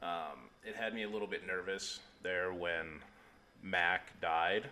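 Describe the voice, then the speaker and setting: A man's voice: low-pitched, fairly even intonation, takes it slowly, bright, forceful tone, slight background noise. A man co-hosting a casual comedy movie podcast, talking enthusiastically and often repeating words as he searches for them. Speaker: podcast co-host.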